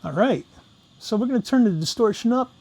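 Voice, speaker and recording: A man's voice: high voice, lively intonation, fairly quick. A man talking casually through a guitar pedal demo, walking through each knob setting step by step. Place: room with guitar gear.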